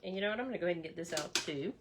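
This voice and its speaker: A woman's voice: on the low side, animated, racing, background noise. A woman giving a chatty makeup tutorial, talking straight to her viewers. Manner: chatty, addresses viewers as y'all. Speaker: makeup demonstrator.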